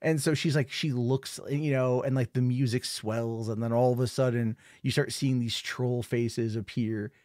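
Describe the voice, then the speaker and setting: A man's voice: mid-range voice, steady tone, normal speed, few pauses, a little mellow, no echo. Rambling, filler-heavy male film reviewer, dry sound. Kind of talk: casual spoken film review.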